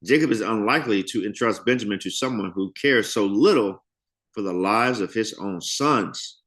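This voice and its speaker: Low-voiced man giving casual Bible commentary. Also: normal speed, a bit bright. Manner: conversational, dramatizes characters with playful asides. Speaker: Bible study teacher.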